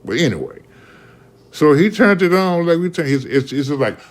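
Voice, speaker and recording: A man telling a casual story in an animated, slangy way, often restarting mid-sentence and tossing in "man.". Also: on the high side, normal speed.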